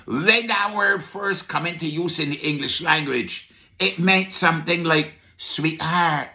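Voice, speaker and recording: A man's voice: fairly high pitch, a little slow, gravelly, sharp tone. A man with a Barbadian accent presenting a comedic radio word-history segment as a market vendor, playful and teasing with frequent "huh?" asides.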